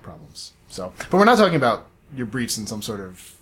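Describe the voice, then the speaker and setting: A man's voice: mid-range voice, sing-song, fairly quick, fairly bright tone. Chatty man explaining at length. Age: adult, studied Latin up to eleventh grade. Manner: chatty, digressive, explains at length with fillers and restarts. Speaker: podcast co-host. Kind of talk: casual chat.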